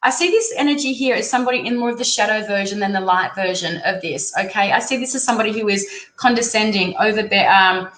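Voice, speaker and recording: A woman's voice: medium pitch, fast talker, a bit bright. A young Australian woman giving a live-streamed tarot reading, chatty and rambling as she thinks aloud. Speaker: tarot reader. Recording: roomy echo, faint background noise.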